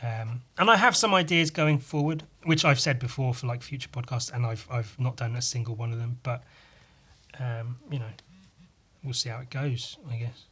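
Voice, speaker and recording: A man talking loosely on his solo podcast, meandering from thought to thought as he shows off old sketchbook pages. He swears casually and slips into playful asides. His voice sits at an ordinary middle pitch for a man. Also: normal speed, a bit bright, breathy edge. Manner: rambling and chatty, swears freely, goes off on silly asides. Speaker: podcast host. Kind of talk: casual solo chat while flipping through sketchbooks.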